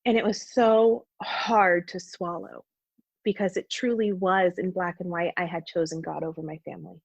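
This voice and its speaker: A woman's voice: on the low side, steady tone, moderate pace, gravelly, no room sound. A woman telling a personal faith story as a podcast guest, earnest and heartfelt. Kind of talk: personal testimony in conversation. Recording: dull, dry podcast audio.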